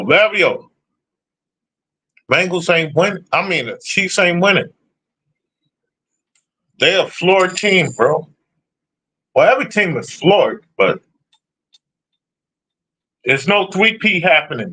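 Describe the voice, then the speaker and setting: Brash streamer guy, bright, lively voice, swears constantly while trash-talking. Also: sits high, slow, pauses often, breathy edge. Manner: profane, blunt, trash-talking. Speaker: streamer answering chat. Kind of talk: casual sports rant.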